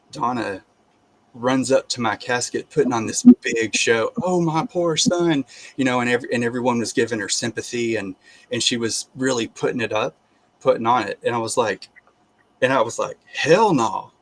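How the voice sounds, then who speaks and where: A man sharing a personal faith testimony in a casual, halting way, with frequent restarts and bursts of animated laughter. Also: on the low side.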